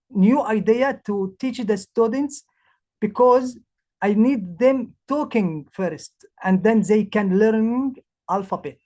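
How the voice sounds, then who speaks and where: A woman who is a language teacher, presenting her project in English, halting and restarting as she searches for words. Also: medium pitch, a little mellow. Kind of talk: presentation talk.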